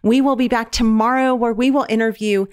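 A woman's voice: a little high, steady tone, fairly quick, clear, resonant tone. A woman in her thirties hosting a podcast, chatting fondly with her daughter and laughing often. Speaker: podcast host. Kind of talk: casual podcast chat.

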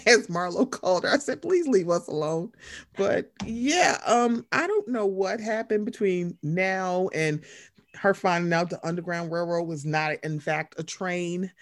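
Woman, casual chat co-host, animated storyteller, acts out quotes. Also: measured pace, dry recording. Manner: animated, acts out quotes with big pitch jumps and laughs. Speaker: podcast co-host.

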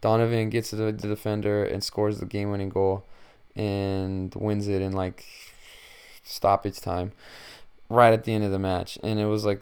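A man hosting his own podcast, rambling along casually and joking between fillers. His voice sits low, with a gravelly edge that stays smooth and clear. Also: darkish tone. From Mexican-American. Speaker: podcast host. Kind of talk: casual solo chat.

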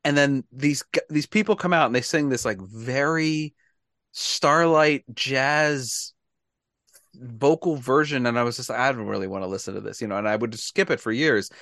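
A man's voice: mid-range voice, a little slow, a bit bright, dry recording, studio quality. A man hosting a podcast in casual chat, wry and talkative, laughing at his own jokes. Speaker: podcast host.

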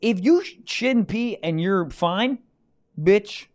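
Profane joking young man, higher voice. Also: expressive, slow pace, a little mellow. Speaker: podcast co-host. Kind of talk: casual chat.

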